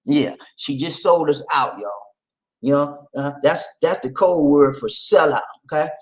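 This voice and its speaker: A man giving casual video commentary, animated and repetitive, laughing often and speaking straight to his viewers. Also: a little high, normal speed.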